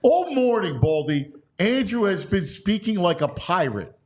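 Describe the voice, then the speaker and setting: High, lively-voiced male radio host. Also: measured pace. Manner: stammering restarts, playful questions. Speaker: show host. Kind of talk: casual radio chat.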